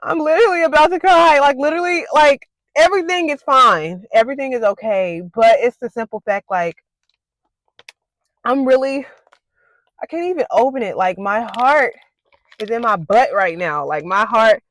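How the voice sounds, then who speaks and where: A woman's voice: fairly high pitch, animated, normal speed, fairly bright tone, no room sound. Panicky young woman, squealing and nervous. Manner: says "like" and "y'all" a lot. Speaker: vlogger. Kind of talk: casual to-camera vlog.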